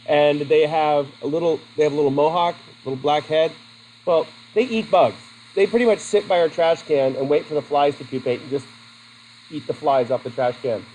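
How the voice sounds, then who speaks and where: A man's voice: fairly high pitch, moderate pace, darkish tone, slight background noise, low-quality recording. A man teaching a class in a classroom, chatty and asking his students questions. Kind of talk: classroom lesson.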